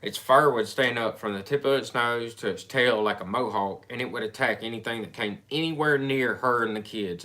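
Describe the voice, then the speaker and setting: A man telling a personal story in casual chat, rambling and halting with frequent restarts. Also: medium pitch, pushed and bright.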